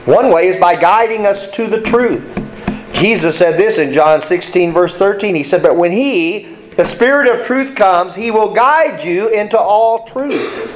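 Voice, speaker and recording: A man's voice: high voice, slight background noise, rough recording. A male pastor preaching an emphatic sermon, repeating key points and asking the congregation to read along.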